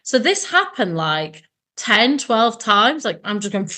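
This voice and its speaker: Lively, bright-voiced young woman telling a story. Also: on the high side, slow. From England. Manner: animated, laughs often, acts out voices in anecdotes. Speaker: podcast co-host. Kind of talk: casual chat, storytelling.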